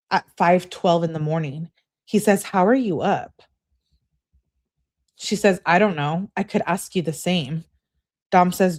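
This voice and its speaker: A woman hosting a true-crime channel, reading a couple's text messages aloud in a casual way and breaking off for quick remarks of her own. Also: fairly low pitch, darkish tone. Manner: reads texts aloud, breaks off with quick asides. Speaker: host reading case evidence.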